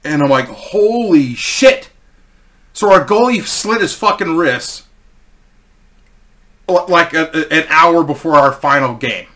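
A man's voice: a little high, expressive, unhurried, pauses often, sharp tone. A man in his forties telling a rambling, profane story in a casual way. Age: 40s.

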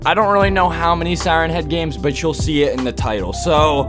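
A woman doing goofy, shouty commentary while playing a horror game. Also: deep voice, a little fast. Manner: hyper, shouty, joking. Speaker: gaming YouTuber. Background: background music.

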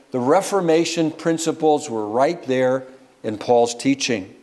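A middle-aged man preaching a sermon at a church service, swinging from quiet low asides to loud rising exclamations. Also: unhurried. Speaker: guest preacher.

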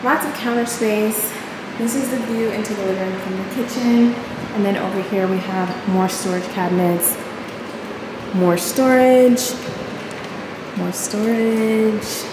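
A young woman vlogging a tour of her new empty apartment, gushing and excitable, repeating her phrases, filmed on a handheld camera. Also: medium pitch, normal speed. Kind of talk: casual vlog tour. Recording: echoey empty rooms, air conditioner hum.

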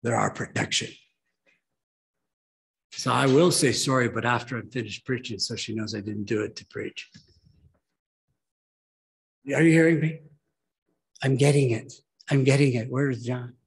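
A man's voice: mid-range voice, measured pace, gravelly, pauses often. A man preaching a church sermon as pastor, emphatic and pleading with his listeners.

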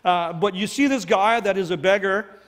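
A man's voice: high-pitched, moderate pace, fairly bright tone, long reverb tail. A man giving a sermon as a pastor, talking earnestly and conversationally with many restarts. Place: church sanctuary.

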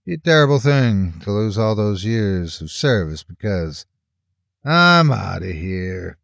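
A gruff, blustery old police chief, put on by a male storyteller, pushing and bargaining in a horror story reading. His pitch swings widely. The voice is dry and close. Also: big pitch swings, a little slow, a bit bright, no echo, heavily acted. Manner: pushy, bargaining.

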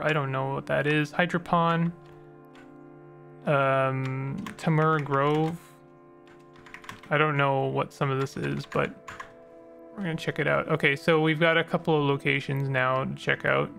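Rambling gravelly gaming host. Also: male voice, fairly high pitch, fairly bright tone. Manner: rambling, stumbles over odd names. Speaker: let's play host. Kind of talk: casual game commentary.

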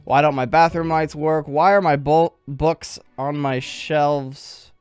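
Man, gaming commentary, jokey, resonant clear voice, faint background music. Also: a little high, fairly even intonation, takes it slowly, a little mellow, no room sound. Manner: jokey, joking asides and laughter. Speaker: gaming video creator. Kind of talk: playing a game and reading its text aloud.

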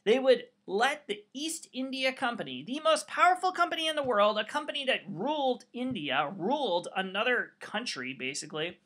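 A man's voice: extremely high pitch, lively intonation, normal speed, hardly any pauses, bright, forceful tone. A man giving a history lecture with sarcastic, wry asides. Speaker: history teacher.

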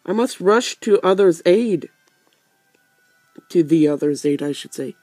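A man's voice: sits high, animated, measured pace, darkish tone, dry recording, soft background music. A man voicing a stately pillow prince from a video game who speaks in grand, archaic phrasing. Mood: grandiose.

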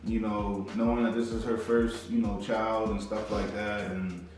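A man's voice: on the low side, flat delivery, moderate pace, a little mellow, far from the mic. A young man, the vlogger's husband, talking casually and laid-back, saying "man" a lot. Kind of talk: casual chat. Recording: echoey room, off-mic, music behind.

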